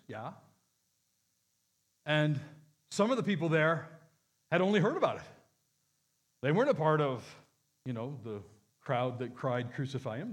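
A preacher voicing a defensive crowd member. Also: male voice, on the high side. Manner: hesitant, protesting, stumbling. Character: defensive man in an ancient crowd.

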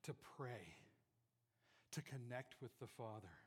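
A man preaching a sermon to a congregation, animated, swinging from loud to hushed and joking with the listeners. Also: mid-range voice, unhurried, husky, long reverb tail. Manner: jokes with the congregation. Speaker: pastor. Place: church before a congregation.

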